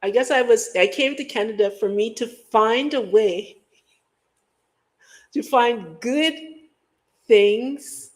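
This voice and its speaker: Middle-aged woman from Guyana, livestream host, loose playful rambling, slightly high voice. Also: slow, long pauses. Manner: rambling, playful, breaks into sung beats and mock accents. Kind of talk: casual chat.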